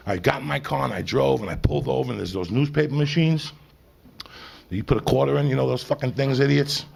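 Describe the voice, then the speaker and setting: Gravelly husky profane storyteller man. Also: medium pitch. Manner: profane, animated storytelling with shouted impressions. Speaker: stand-up comedian. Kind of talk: stand-up storytelling.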